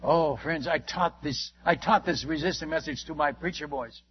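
Husky older preacher telling stories. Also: male voice, on the high side, moderate pace, lo-fi sound. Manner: animated, acts out dialogue, stumbles and restarts. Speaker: missionary preacher. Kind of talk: sermon storytelling.

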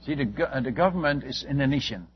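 A man's voice: mid-range voice, expressive, fast. An older man telling a long, folksy story about his missionary work in a rambling, casual way, full of restarts and asides. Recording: muffled lo-fi recording with faint hiss.

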